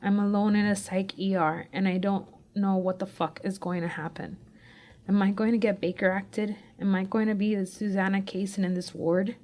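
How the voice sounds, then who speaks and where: Woman, mid-pitched voice, anxious confessional memoir reading, student writer. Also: steady tone, moderate pace, darkish tone. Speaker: student reading her personal essay. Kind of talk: first-person memoir reading.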